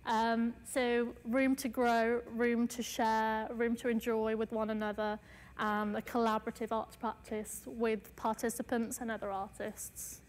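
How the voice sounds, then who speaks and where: A woman's voice: on the high side, flat delivery, a little slow, in a large hall. A woman artist giving a casual lecture, chatty, with many fillers and light self-mocking asides.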